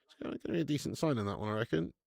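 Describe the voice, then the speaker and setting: Creaky-voiced lad hosting a watch-along. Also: male voice, mid-range voice, expressive, racing, a little mellow, no room sound, studio quality. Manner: casual, chatty, banters with viewers, swears. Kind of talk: live football watch-along commentary and chat reading.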